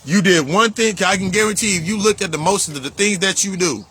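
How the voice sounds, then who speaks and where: A man's voice: high voice, fairly quick, fairly bright tone, slight background noise, poor audio. A man talking as a life coach in a casual spiritual monologue, emphatic and profane, repeating himself for stress. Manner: emphatic, profane, repetitive street talk.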